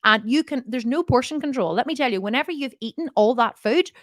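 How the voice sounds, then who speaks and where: A woman's voice: sits high, animated, fast talker, dry recording, studio quality. A woman diet coach answering viewer questions in a live Q&A, blunt and direct, often laughing and swearing jokingly.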